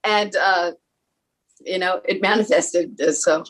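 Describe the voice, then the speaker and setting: A woman, an actress at a film reunion panel, chatting casually and laughing easily, her voice softening toward the ends of phrases. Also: lowish voice, slow. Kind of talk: casual chat.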